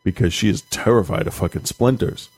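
A man's voice: on the low side, brisk, a little mellow, husky, dry recording. A man in his thirties talking casually as a podcast co-host and father, blunt and swearing, laughing at himself. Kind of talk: casual chat.

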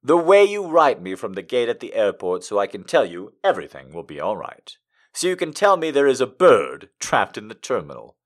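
Lively man reading poems aloud. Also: on the low side. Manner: laughs often, trails off into asides. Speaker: host of a poetry show. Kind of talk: poetry reading and casual chat.

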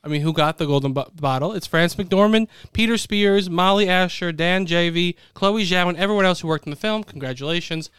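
Brief: quick, animated male podcast host with a crisp voice, recorded dry. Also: sits high, dry recording. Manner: fast, animated, announces nominees. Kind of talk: casual podcast chat.

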